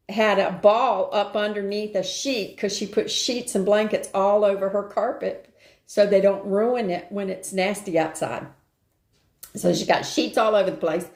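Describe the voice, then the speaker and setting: An older woman hosting a live stream, telling a rambling everyday story in casual chat and greeting viewers along the way. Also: mid-range voice. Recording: roomy echo.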